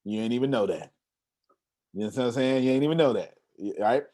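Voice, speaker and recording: In a brisk, medium-pitched voice, this man runs an online meeting over video call, keeping it casual and motivational with lively street slang and lots of repetition.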